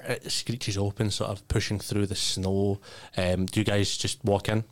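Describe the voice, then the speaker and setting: Deep-voiced male GM, loose and chatty scene-setting. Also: normal speed. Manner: descriptive, relaxed, many fillers. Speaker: game master. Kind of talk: narrating a tabletop game.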